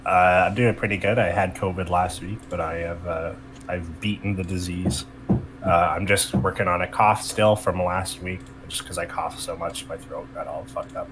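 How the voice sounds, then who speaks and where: Give me an easygoing male co-host on a livestream with a very low voice. He chats in a relaxed, casual way. Clear background noise sits under his voice. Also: moderate pace. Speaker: podcast co-host.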